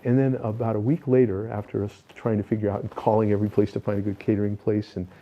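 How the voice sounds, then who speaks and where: A man's voice: fairly low pitch, flat delivery, fast talker, dull audio. An older man being interviewed, recounting personal spiritual experiences in an earnest, reflective way, with many fillers and restarts. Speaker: interview guest.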